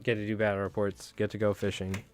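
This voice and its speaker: A man's voice: lowish voice, monotone, fast, clear, resonant tone, dry recording, faint music behind. A man hosting a casual fly-tying livestream, rambling and joking with some swearing.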